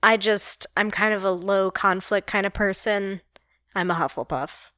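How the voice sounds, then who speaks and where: A woman co-hosting a podcast in casual chat, relaxed and quick to laugh. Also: mid-range voice, no room sound, clean studio sound. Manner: laughs easily, relaxed and friendly. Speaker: podcast co-host.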